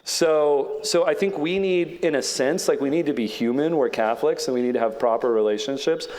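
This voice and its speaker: A man's voice: on the high side, fairly quick, a little mellow. Chatty man telling a story. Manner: chatty, many "like" fillers, acts out others' lines. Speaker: panelist. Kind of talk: casual storytelling on a panel.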